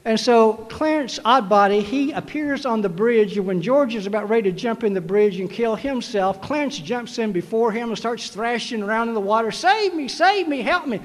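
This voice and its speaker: Man, preacher, graduation sermon, emphatic, repetitive, high voice, long reverb. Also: moderate pace, few pauses. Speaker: commencement preacher.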